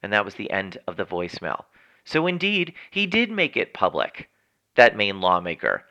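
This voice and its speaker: Bright-voiced man giving opinionated news. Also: fairly low pitch, moderate pace. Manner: chatty, editorializing, animated. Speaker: news show host.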